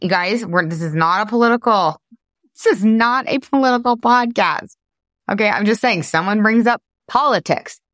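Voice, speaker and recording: A woman's voice: mid-range voice, no room sound, studio quality. A woman hosting a podcast, coaching listeners in a candid, chatty way, swearing casually and laughing often. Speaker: podcast host.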